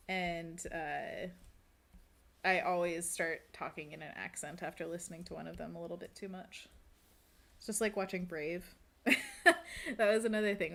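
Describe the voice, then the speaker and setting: A woman's voice: lowish voice, gravelly, fairly bright tone. A woman chatting casually while drawing on a live stream, rambling and laughing often, seated at a desk at home.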